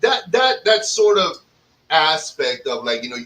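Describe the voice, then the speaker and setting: A man from Cuba hosting a casual cigar podcast, talking in a profane, animated way and acting out other people's lines as he tells stories. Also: fairly high pitch, unhurried, roomy sound, recorded from a distance, rough recording. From Cuban. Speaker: podcast host.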